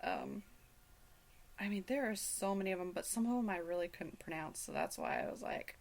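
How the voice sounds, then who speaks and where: A woman's voice: mid-range voice, moderate pace. A middle-aged woman hosting a casual radio chat, rambling with many fillers and restarts. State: hiccups. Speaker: radio show host.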